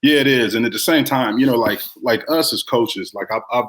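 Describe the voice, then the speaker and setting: A man who coaches high school football, talking in a relaxed, reflective way with many fillers on a sports podcast. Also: fairly quick. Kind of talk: casual sports talk.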